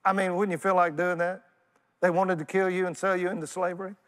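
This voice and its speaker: A Texan man preaching in a church, his fairly high voice carrying a long reverb through the room. He speaks in a folksy, animated way and keeps drawing the congregation into call-and-response. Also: brisk. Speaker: pastor. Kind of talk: sermon. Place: church sanctuary.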